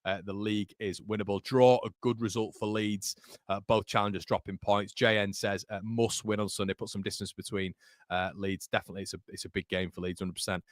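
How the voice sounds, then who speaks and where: A man's voice: on the low side, little pitch movement, brisk, dry recording, studio quality. A young man hosting a live football watchalong, chatting about the match and reading out viewer comments, tired after a long stream, often repeating words. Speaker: football channel host.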